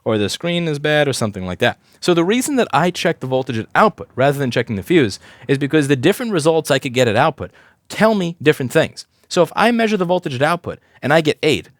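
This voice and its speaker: A man's voice: on the high side, very animated, fast talker, no room sound, clean studio sound. A man working as a repair technician who gives a hands-on repair tutorial in a blunt, profane, explanatory way at a repair shop workbench.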